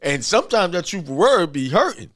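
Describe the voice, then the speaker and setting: Man, informal sermon, blunt and repetitive, very lively pitch. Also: brisk, no room sound, clean studio sound. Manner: emphatic, repetitive, talks straight and blunt. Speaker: spiritual speaker.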